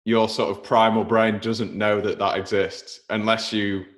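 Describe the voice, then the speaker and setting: Low-voiced man hosting a podcast. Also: level tone, measured pace. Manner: thoughtful, reflective questions. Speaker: podcast host. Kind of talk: casual interview chat.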